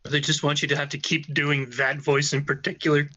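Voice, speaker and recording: A man's voice: a little high, monotone, fairly quick, bright, forceful tone, dull audio. A man joining in on a talk show, laughing while he talks.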